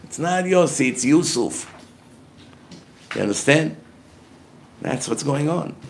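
A man's voice: a little high, lively intonation, slow, slight background noise. A man giving a heated religious lecture as a rabbi, emphatic and blunt, asking questions and answering them himself. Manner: emphatic, grows loud and forceful when making a point.

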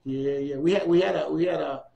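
In an oral history interview, an older man from New City in New York City tells stories with animation, mimicking the voices of people he quotes. His gravelly voice is on the high side and a little fast, and the audio has its highs cut off.

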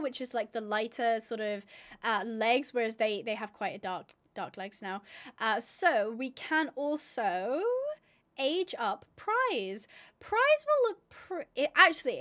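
High-voiced chatty young woman gamer. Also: fairly bright tone. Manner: chatty, rambling, frequent fillers and self-corrections. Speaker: gaming YouTuber. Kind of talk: casual gameplay commentary.

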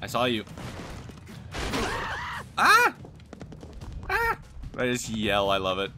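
A man hosting a let's play, excitedly commenting on the action and muttering to himself between outbursts. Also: lowish voice, a little fast, heavy background noise. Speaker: gaming video host. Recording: game music and gunfire behind.

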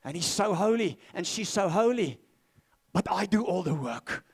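A man's voice: high-pitched, expressive, moderate pace, husky, voice pushed up, full character voice. A man voicing a resentful, put-upon woman who complains while preaching a sermon. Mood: aggrieved complaining. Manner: whiny, resentful.

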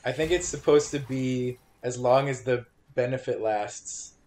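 A man's voice: mid-range voice, measured pace, a little mellow, slight background noise, poor audio. A man chatting and explaining the game while playing with friends, playing with words. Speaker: gamer. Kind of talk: casual gaming chat.

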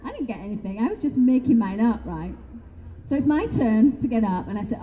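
Middle-aged woman speaker, warm dark tone, slightly high voice, chatty storyteller. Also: a little fast, in a large hall, slight background noise. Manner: chatty and animated, often asking "right?". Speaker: speaker at a spiritual expo. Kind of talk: storytelling talk to a live audience. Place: expo hall talk.

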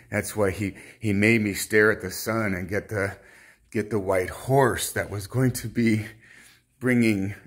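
A man speaking as a self-styled prophet in a rambling religious monologue, fervent and halting, with many restarts. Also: fairly low pitch, slightly rough.

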